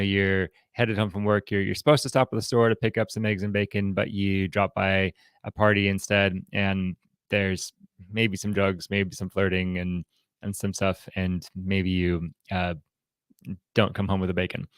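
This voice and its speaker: A man counseling a group in an informal teaching talk, halting and often restarting his sentences. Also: sits low, level tone, clear, resonant tone, dry recording, studio quality. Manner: halting, with frequent restarts and repeated words. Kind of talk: informal teaching talk with role-played examples.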